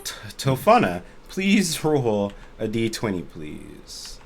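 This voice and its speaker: A man's voice: fairly low pitch, huge pitch swings, slow pace, vocal fry, slight background noise. A man running a tabletop game over a voice call, narrating casually with lots of filler words. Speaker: game master. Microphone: computer mic on a voice call.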